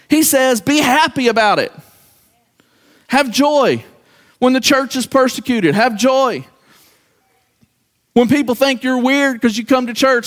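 High-voiced man preaching a sermon. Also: fairly bright tone, in a large hall. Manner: preachy, acts out quoted voices of congregants. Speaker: pastor.

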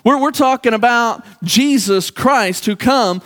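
A man preaching a sermon to his congregation, halting and repeating words as he calls out to the church. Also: very high-pitched, a bit bright. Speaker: pastor. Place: church sanctuary. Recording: church hall with long reverb.

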